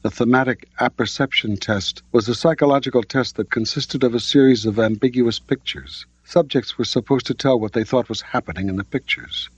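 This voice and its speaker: An older man reading an audiobook in a measured, plain storytelling manner. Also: medium pitch, slightly rough. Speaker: audiobook narrator. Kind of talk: audiobook narration. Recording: dull lo-fi audiobook recording.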